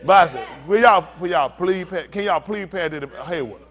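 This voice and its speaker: A man's voice: high-pitched, moderate pace. A man preaching an interactive sermon, teaching in casual vernacular and checking in with listeners. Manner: animated, calls out to listeners, laughs and shouts at times; casual vernacular, asks "y'all understand?". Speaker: pastor.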